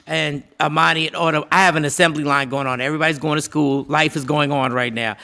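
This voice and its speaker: A man hosting a casual morning talk show, telling stories in an animated, playful, ranting way. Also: fairly high pitch, fast talker, creaky, dry recording. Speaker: show host.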